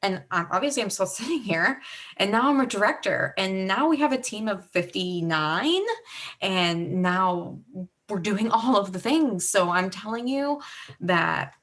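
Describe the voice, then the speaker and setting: A young woman, a team director giving a mindset talk, shares a heartfelt personal story with her team in casual, rambling speech full of fillers. Her voice is medium-pitched and fairly bright, with lively intonation and a measured pace.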